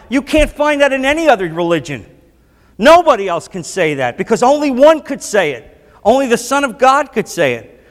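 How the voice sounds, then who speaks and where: A male pastor delivers his sermon in a high, ringing voice. He drives his points with impassioned emphasis. The sound carries a long, echoing hall reverb. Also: big pitch swings, normal speed. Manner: impassioned preaching, rising to emphatic declarations.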